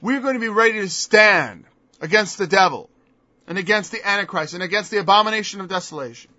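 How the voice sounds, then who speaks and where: Male preacher, high bright voice, emphatic and mocking sermon delivery, dry dull lo-fi recording. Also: fast, no room sound. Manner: emphatic, mocking rhetorical questions.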